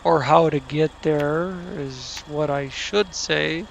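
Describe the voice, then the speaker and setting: A man's voice: fairly high pitch, slow pace, vocal fry, a little hiss or hum. A man giving wry, casual commentary over a driving game, muttering to himself and talking back at the screen. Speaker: gaming commentator. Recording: loud truck engine game audio.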